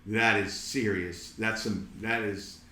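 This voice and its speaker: A man, a podcast guest, telling a personal story in a casual, animated way and often repeating words as he goes. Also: lowish voice, slow. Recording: roomy echo.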